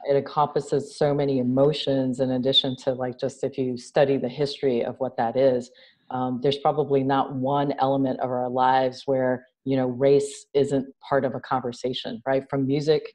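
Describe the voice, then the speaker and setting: A woman from New York City speaking as an interview guest, animated and conversational, often checking in with "right?". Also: rumbling low, normal speed. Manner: animated, acts out quoted dialogue, frequent "right?". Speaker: interview guest, nonprofit founder.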